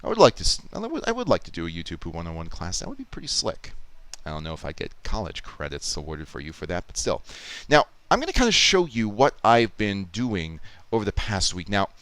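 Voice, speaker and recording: Streaming live, a man casually talks through his YouTube Poop video editing, explaining and thinking aloud with restarts. His deep voice is a bit bright, moves fairly quickly, and has huge swings in pitch.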